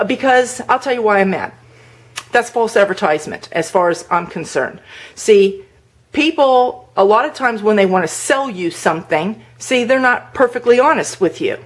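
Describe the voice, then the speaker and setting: A woman venting to camera in a casual vlog from a parked car, retelling conversations in an indignant way. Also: medium pitch. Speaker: vlogger.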